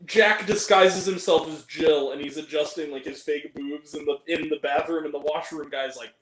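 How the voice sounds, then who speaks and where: A man hosting a casual chat about movies, animated and laughing often, acting out quoted lines. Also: fairly high pitch, normal speed, roomy sound, poor audio. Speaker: channel host.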